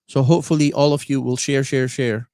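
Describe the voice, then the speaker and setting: A man hosting a live internet radio show, talking off the cuff with many fillers and pauses while he searches for words. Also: mid-range voice, steady tone, dark tone, no echo. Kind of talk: live-stream monologue.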